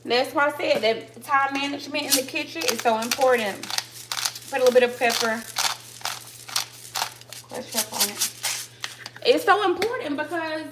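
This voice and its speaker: A woman's voice: sits high, lively intonation, normal speed, pauses often, heavy background noise. A woman hosting a casual live cooking stream from her home kitchen, chatting to her viewers and calling out to them constantly as she cooks. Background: clatter of pots and dishes.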